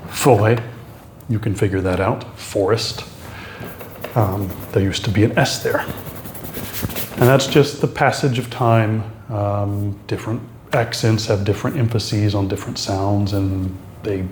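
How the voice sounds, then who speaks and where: Halting man teaching French accents. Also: lowish voice, a little mellow, reverberant, a little hiss or hum. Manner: halting, many fillers and restarts. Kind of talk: explaining French accent marks.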